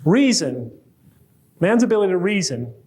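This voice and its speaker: Middle-aged guy lecturing a crowd, fairly high voice, chatty, jokes around, gets worked up on his points. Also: normal speed. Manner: conversational, jokes with the audience, rising to animated emphasis. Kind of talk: public lecture.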